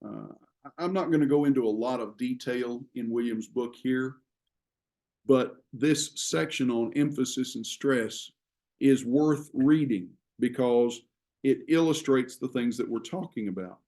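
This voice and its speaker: A man teaching a class on writing, explaining ideas in a measured way with frequent pauses. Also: medium pitch, mellow. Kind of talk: classroom lecture.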